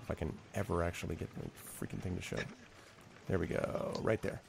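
A man's voice: low voice, very animated, a little fast, gravelly, a little mellow, a little hiss or hum. A man narrating as game master of a tabletop game in a rambling, filler-heavy way. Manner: rambling, many fillers, chuckling.

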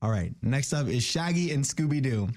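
Radio morning host, man, animated pitch, brisk studio banter. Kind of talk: casual banter.

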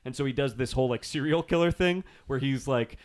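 A man's voice: mid-range voice, brisk. A man co-hosting a podcast, telling a story with eager, laughing enthusiasm in casual chat. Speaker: podcast co-host.

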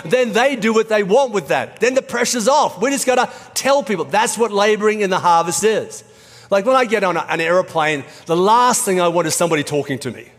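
High-voiced pastor preaching. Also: male voice, lively intonation, fairly quick, a bit bright. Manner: conversational storytelling preaching. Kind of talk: sermon. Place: church auditorium. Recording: reverberant church hall.

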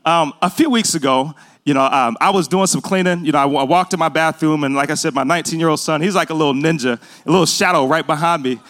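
A man's voice: on the high side, fast, fairly bright tone. A young adult man preaching a sermon, earnest and building to emphatic delivery.

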